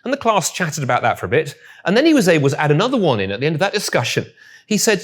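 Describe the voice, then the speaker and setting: A man's voice: a little high, very animated, rapid-fire. A man speaking to a live audience, telling a story with wry, humorous asides. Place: room with audience.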